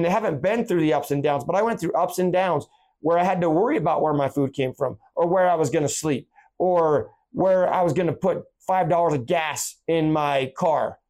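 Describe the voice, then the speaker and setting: A man hosting a podcast, telling a personal anecdote in a casual, animated way and acting out what people said. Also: on the high side. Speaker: podcast host. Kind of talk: casual storytelling monologue.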